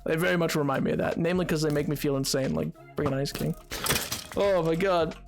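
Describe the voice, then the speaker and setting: A man's voice: fairly high pitch, fast, vocal fry, over music. A man live streaming while gaming, chatting with viewers in a put-on 1920s radio announcer accent, playful and laughing often.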